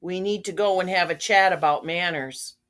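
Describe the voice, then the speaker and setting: An older woman reading a children's storybook, voicing a young male hero in a firm, excited way. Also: lowish voice, moderate pace, close to an everyday voice.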